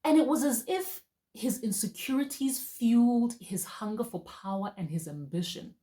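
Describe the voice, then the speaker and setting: A woman's voice: fairly high pitch, normal speed, warm tone. A woman giving a casual, chatty movie review, talking straight to her viewers and laughing often.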